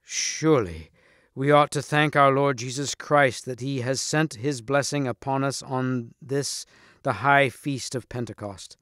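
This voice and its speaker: A man's voice: mid-range voice, fairly even intonation, measured pace, fairly bright tone, dry recording, studio quality, close to an everyday voice. A man voicing a stately medieval king who speaks in a grave, ceremonial way for a storybook reading. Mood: solemn.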